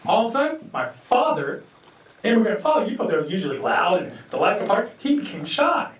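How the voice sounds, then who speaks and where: Male stand-up, high voice, animated storyteller, echoey hall, distant mic. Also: a little fast. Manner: loose, animated storytelling, acts out quotes. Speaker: stand-up comedian. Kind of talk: stand-up comedy set. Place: live comedy venue.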